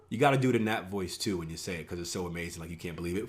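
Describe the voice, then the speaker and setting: A man's voice: deep voice, very fast, hardly any pauses. A man working as a trading coach, talking casually through charts and keeping his listeners with him by asking "right?" again and again, with self-mocking asides. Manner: conversational, many filler "right?" checks, self-mocking asides. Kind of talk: casual teaching over a screen share.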